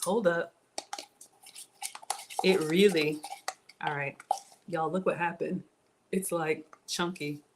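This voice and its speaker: A woman hosting a casual live cooking stream from her kitchen, chatty and excitable, talking straight to her viewers as she cooks. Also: on the low side, background noise. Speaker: cooking livestream host. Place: home kitchen.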